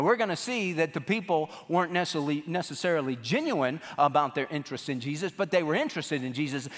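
Male pastor, animated sermon delivery, lots of reverb. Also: sits high. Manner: animated storytelling preacher. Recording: long reverb of a large room.

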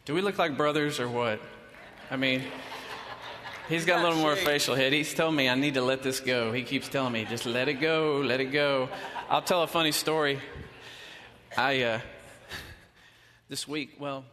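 A man's voice: medium pitch, moderate pace, pauses often, pushed and bright, slight background noise. Folksy man preaching. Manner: folksy, self-deprecating, chatty. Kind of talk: sermon with storytelling. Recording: long reverb of a church hall.

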